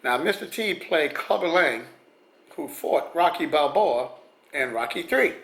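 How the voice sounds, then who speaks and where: A man tells his stories casually to the camera, rambling and restarting often with small chuckles. His voice sits slightly high. The room around him rings with echo. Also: animated, unhurried, a bit bright. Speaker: vlogger. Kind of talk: casual storytelling. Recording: echoey room.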